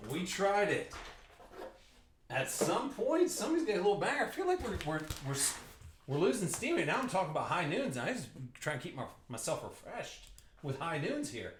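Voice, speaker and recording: Lively joking man hosting a live card break. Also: high voice, a little fast, echoey room, a little hiss or hum. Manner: joking, riffing with viewers by name.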